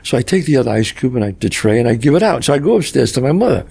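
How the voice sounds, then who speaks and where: An older man telling stories in casual podcast chat, animated and swearing freely, acting out relatives in quotes. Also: medium pitch, rapid-fire, vocal fry, slightly rough. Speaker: podcast guest. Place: podcast studio.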